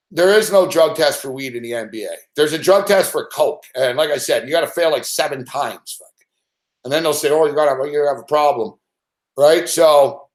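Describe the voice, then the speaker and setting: A middle-aged man hosting a sports betting show, swearing constantly as he rants and tells stories, acting out the other people in them. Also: a little high. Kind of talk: profane casual rant.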